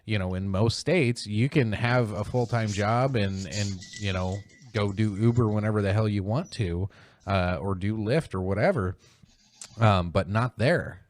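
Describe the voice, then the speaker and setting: A man hosting a casual podcast, rambling and swearing, mocking others in sudden high-pitched voices. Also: unhurried. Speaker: podcast host.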